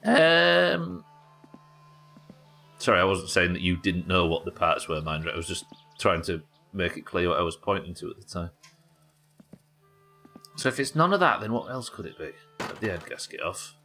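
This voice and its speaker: A man's voice: low-pitched, a little fast, pushed and bright, faint music behind. A man from England, streaming a game live and thinking aloud as he chats with viewers. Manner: muttering to himself, thinking aloud. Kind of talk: live gameplay commentary.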